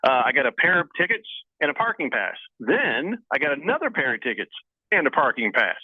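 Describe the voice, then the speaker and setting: Lively male radio host over a phone line. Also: medium pitch, breathy edge, no room sound. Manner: jokey, lively, talks fast in spurts. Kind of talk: casual sports radio chat, reading listener messages. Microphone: phone line into the studio. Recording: tinny phone line, dry.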